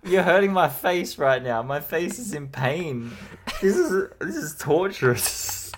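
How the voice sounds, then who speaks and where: A man's voice: a little high, very animated, unhurried, a little hiss or hum. Man co-hosting, teasing and laughing. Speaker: podcast co-host. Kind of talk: casual podcast banter.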